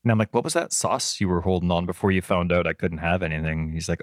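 A middle-aged man with a fairly low voice tells a story in a casual podcast chat, acting out the voices as he goes. The sound is dry and close. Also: fast, few pauses, dry recording. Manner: animated storyteller, acts out quotes. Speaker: podcast co-host.

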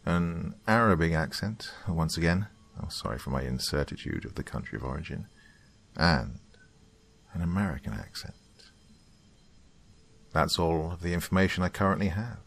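Deep-voiced man narrating a dark tale. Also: animated, moderate pace, creaky. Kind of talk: scripted horror story narration.

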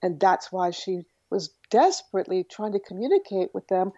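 A woman recounting a story as an interview guest, her voice mellow and soft-edged. She tells it in a lively anecdotal way, slipping into the voices of the people she quotes. The audio is dry and a little dull, like a lo-fi interview recording. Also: mid-range voice, normal speed, no echo. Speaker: guest, author on horse communication.

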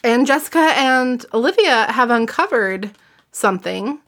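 A woman's voice: a little high, lively intonation, unhurried, fairly bright tone. A woman hosting a podcast, casually recapping a book and laughing often as she reads passages aloud. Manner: laughs often while summarizing and reading aloud. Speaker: podcast host.

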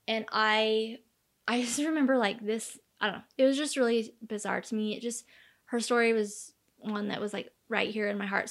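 A woman in her thirties with a little high, somewhat bright voice tells a true crime story casually. She fills her chatty account with fillers and acts out the lines she quotes.

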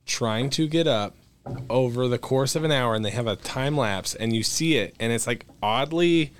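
Male podcast host, smooth clear voice, loose profane joker reading news. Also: medium pitch, moderate pace. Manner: joking, profane, reads news items aloud. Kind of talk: casual podcast banter.

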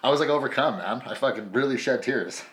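A young man tells a story in casual chat, his voice bright and forceful. He swears freely and laughs often. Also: mid-range voice, fast.

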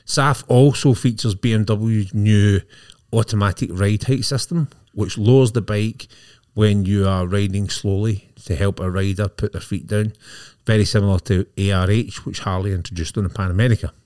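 A man's voice: lowish voice, steady tone, moderate pace, a little mellow, dry recording, clean studio sound. A man co-hosting a casual motorbike podcast, reading out technical news with jokes in between. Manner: jokey, technical explainer. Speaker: podcast co-host. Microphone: podcast mic.

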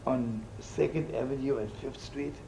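A man's voice: mid-range voice, fairly even intonation, moderate pace, vocal fry, warm tone. A man teaching as a rabbi in a folksy, jokey storytelling sermon, sprinkling in Yiddish and Hebrew words. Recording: noisy old recording.

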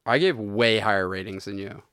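A man's voice: lowish voice, normal speed, fairly bright tone, clear, resonant tone, dry recording. Eager, rambling man co-hosting a podcast. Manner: eager and rambling, often re-quoting favorite movie lines. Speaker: movie podcast co-host. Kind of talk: casual chat.

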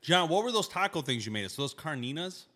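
A man's voice: a little high, very animated, brisk, pushed and bright, long reverb tail. A man hosting a casual podcast chat, enthusiastic and often laughing as he tells stories. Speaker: podcast host.

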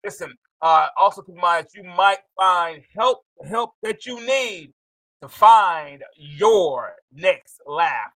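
Bright, excitable male show host. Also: sits high, slow pace, no echo, rough recording. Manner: animated, excitable, laughs often. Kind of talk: live show interview.

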